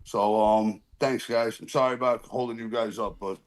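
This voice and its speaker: A man's voice: lowish voice, fairly even intonation, normal speed. A man sharing at a recovery meeting over his phone on a video call, earnest and rambling, apologizing for his swearing. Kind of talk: casual heartfelt share.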